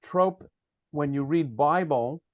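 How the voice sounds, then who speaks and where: A man's voice: fairly high pitch, slow pace, no echo, lo-fi sound. A man teaching a prayer study class over a video call, patiently explaining Hebrew text and checking that his students follow.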